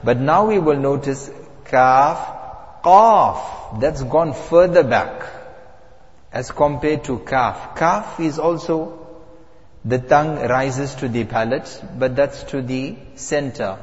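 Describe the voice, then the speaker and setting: A man teaching how Arabic letters are pronounced in Quran recitation. He speaks slowly and deliberately and repeats sounds to contrast them. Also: medium pitch. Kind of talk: step-by-step pronunciation lesson. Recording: lo-fi audio with long hall reverb.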